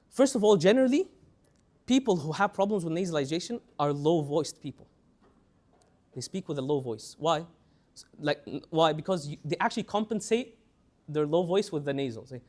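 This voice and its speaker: Teaching tajweed in an energetic lecture, a young man with a slightly high voice often says words more than once. Now and then he stops to chant slow example phrases.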